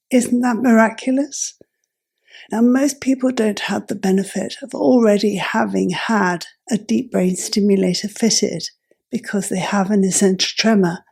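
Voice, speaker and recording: A woman vlogger explaining step by step, her voice croaky and gravelly and breaking into breathy whispers, speaking in halting, self-correcting phrases. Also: fairly high pitch, darkish tone. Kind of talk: explaining while adjusting a device.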